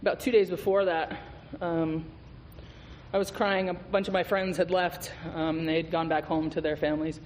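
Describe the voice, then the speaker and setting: A man's voice: on the high side, little pitch movement, moderate pace. Frank, profane man telling his recovery story. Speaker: AA guest speaker. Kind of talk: candid recovery testimony. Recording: reverberant hall with faint noise.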